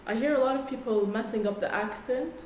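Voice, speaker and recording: A woman from Saudi Arabia, a jewelry business owner, answering interview questions in a relaxed, matter-of-fact way. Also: on the high side, fairly quick. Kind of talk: casual interview. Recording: echoey room, faint noise.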